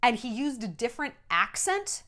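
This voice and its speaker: A woman and former entertainment journalist giving a blunt, animated gossip monologue, often slipping into mocking voices. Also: on the high side, normal speed. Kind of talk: casual celebrity gossip monologue.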